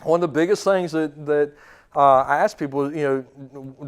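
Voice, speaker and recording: Conversational male dog trainer, fairly high voice. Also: normal speed, smooth. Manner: conversational, repeats words, often checks in with "okay?". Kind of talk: seminar lecture to clients.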